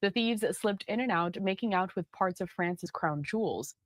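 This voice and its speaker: A woman reporting the news in a steady, measured, scripted delivery. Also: medium pitch, no echo.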